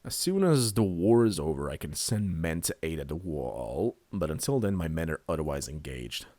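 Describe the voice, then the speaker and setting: A man's voice: very deep voice, sing-song, a little mellow, no room sound, voice pushed down, heavily acted. A man voicing a stern young lord at war, speaking formally and firmly. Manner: formal, measured refusal.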